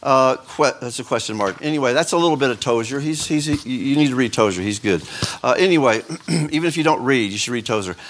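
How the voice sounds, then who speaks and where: A man's voice: mid-range voice, animated, brisk, a bit bright. A man teaching a Sunday school class in a rambling, self-interrupting way, full of fillers and asides. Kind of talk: casual church teaching with read-aloud quotes. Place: church room.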